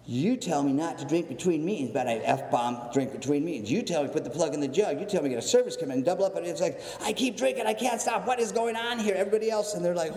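A man shares his recovery story at a meeting, speaking fast in a high-sitting voice. He's animated, acting out other people's voices and swinging between excitement and somber reflection. The hall is echoey, with long reverb.

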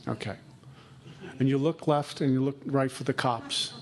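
A man's voice: mid-range voice, fairly even intonation, moderate pace, pauses often. A man giving a conversational recovery talk, acting out inner dialogue. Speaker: recovery speaker.

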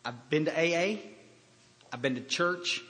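A man giving a personal recovery talk, telling his story in a halting way with quiet pauses. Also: on the high side. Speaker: recovery speaker. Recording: hall reverb.

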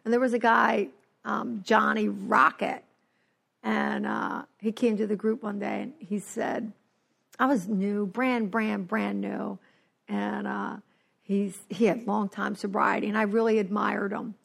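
A woman sharing her recovery story at a meeting, animated and acting out the voices of people she quotes. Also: medium pitch, measured pace, creaky, husky. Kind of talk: personal recovery share. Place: New Jersey.

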